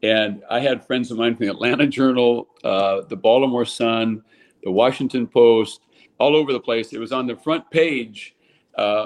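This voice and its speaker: An older man from California, a former ballplayer, telling anecdotes casually and animatedly, with many restarts. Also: lowish voice. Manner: animated anecdote teller, lots of restarts, voices people in quotes. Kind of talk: casual storytelling.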